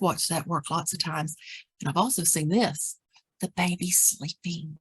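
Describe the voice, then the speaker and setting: A woman leads a caregiver training session in a slightly low voice. She talks plainly and practically, and she leans on repeated words to drive her points home. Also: normal speed, slightly rough. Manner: acts out example phrases and whispers. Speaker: dementia care educator. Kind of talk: training presentation.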